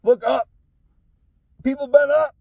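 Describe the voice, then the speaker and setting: Raspy, profane man ranting with a Southern accent. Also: very high-pitched, steady tone, slow pace, a little mellow, no echo, lo-fi sound. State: tired, sore voice. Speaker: podcast host. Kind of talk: casual solo rant. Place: inside a parked truck.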